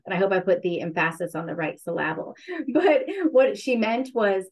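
A woman's voice: mid-range voice, expressive, moderate pace, darkish tone, rough recording. A woman guest in a casual interview, speaking candidly and reflectively, stretching words for emphasis.

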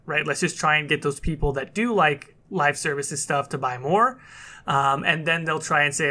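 Bright-voiced man chatting about games. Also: on the high side, moderate pace. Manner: animated, laughs often, acts out quotes. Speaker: podcast co-host. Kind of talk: casual chat.

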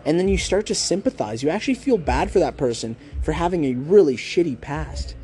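A man's voice: fairly high pitch, lively intonation, dark tone. A young man hosting a podcast, talking through a book in a casual monologue, shaping his tone up and down on purpose and tossing in rhetorical questions. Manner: deliberate, rising and falling tone to keep listeners hooked; conversational, with filler "like" and rhetorical questions. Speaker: podcast host.

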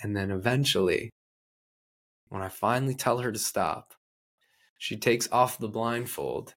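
A man, a life coach, telling a story in a casual, blunt and animated way, swearing freely. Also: lowish voice, a little slow.

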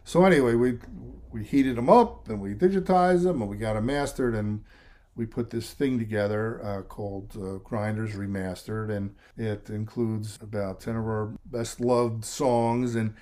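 A man's voice: lowish voice, steady tone, moderate pace, mellow. Middle-aged American man, talkative guest storyteller; loose, rambling, mimics others when quoting. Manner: rambling storyteller, quotes others in voices, emotional at times. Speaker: songwriter and lead singer, guest. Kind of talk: casual interview chat.

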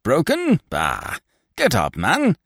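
A fat, sour old theatre boss, put on by a male storyteller, pompous and blustering. His voice swings widely in pitch and sits close and dry. He scoffs at everyone around him. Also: wildly swooping pitch, a little slow, slightly rough, no echo, exaggerated voice. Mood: gruff. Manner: blustering, scornful.

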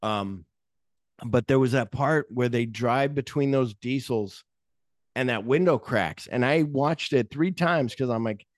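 Male podcast host, mid-pitched, loose and rambling, retells scenes with quoted lines; dry, close sound. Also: unhurried, dry recording. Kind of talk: casual movie discussion.

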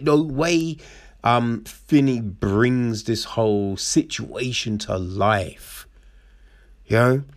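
A man in a casual book review, rambling with frequent asides and acting out characters in quick quoted voices. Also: mid-range voice, dry recording, clean studio sound. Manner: rambling with frequent "right?" and "you know".

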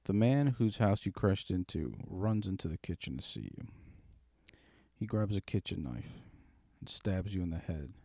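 Low, dark-voiced man telling profane tales. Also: lively intonation, moderate pace, gravelly, dry recording, studio quality. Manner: profane, rambling, darkly joking storyteller. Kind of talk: casual chat, spinning a long comic story.

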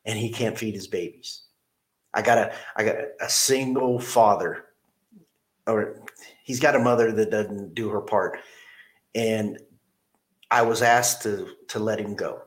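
A man's voice: lowish voice, steady tone, measured pace, pauses often. A middle-aged man, a car dealership manager, telling a personal story in a casual interview, earnest and plain-spoken, repeating his key phrases.

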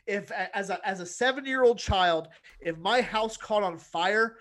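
A man co-hosting a podcast in casual chat, with quick interjections and wry jokes. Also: high-pitched, fairly bright tone. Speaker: podcast co-host.

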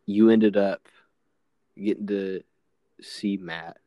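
A young man co-hosting a casual chat, laughing often and rambling in a relaxed way. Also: lowish voice, takes it slowly, no room sound, lo-fi sound. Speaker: co-host.

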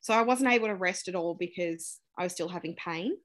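A woman's voice: on the low side, brisk. Australian woman telling a personal story. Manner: candid, animated retelling with acted-out quotes and laughter. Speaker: podcast guest.

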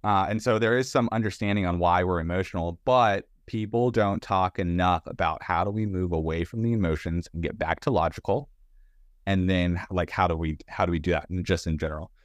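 A man's voice: low voice, brisk, no echo. A man hosting a podcast interview, asking loose questions with fillers. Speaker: host.

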